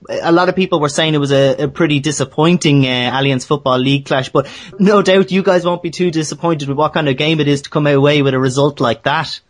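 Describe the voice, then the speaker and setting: A man from Ireland hosting a casual sports talk show and chatting with his guests. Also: fairly high pitch. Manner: chatty, friendly interviewer. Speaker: radio show host.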